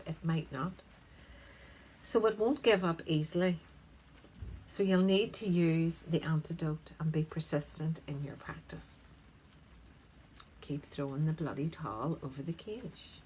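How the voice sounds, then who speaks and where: A woman's voice: lowish voice, a little hiss or hum, rough recording. A woman therapist giving a conversational, emphatic self-help talk straight to the viewer. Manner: conversational, emphatic, gently teasing. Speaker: integrative therapist.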